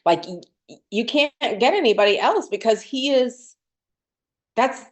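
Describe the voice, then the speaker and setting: A woman's voice: a little high, animated, unhurried. A woman co-hosting a podcast, chatting casually with many fillers and restarts. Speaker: podcast co-host. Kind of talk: casual chat.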